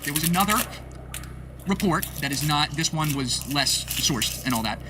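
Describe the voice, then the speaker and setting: A man giving casual political commentary on his stream, sarcastic and exasperated, with rapid asides. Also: fairly high pitch, animated, far from the mic, noisy background.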